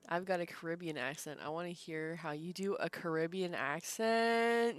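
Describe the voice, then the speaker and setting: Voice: medium pitch, moderate pace, few pauses, clear, resonant tone, soft background music. A streamer with a light Southern US accent, chatting casually with viewers and laughing often during gameplay.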